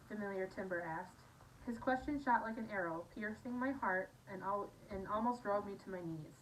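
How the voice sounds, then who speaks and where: Scottish woman reading aloud, a bit off-mic. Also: medium pitch. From Scotland. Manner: chatty, tipsy asides and stumbles over words. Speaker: audiobook reader. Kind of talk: casual amateur audiobook reading. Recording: slightly distant mic, faint noise.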